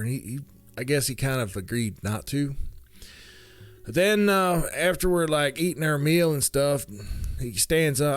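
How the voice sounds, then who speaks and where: A man spins a comic family story, his mid-pitched voice swinging widely as he acts out each quote. He talks casually to his listeners. Faint guitar music plays behind him. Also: normal speed. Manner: animated, acts out quotes with big pitch jumps. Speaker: storyteller comedian.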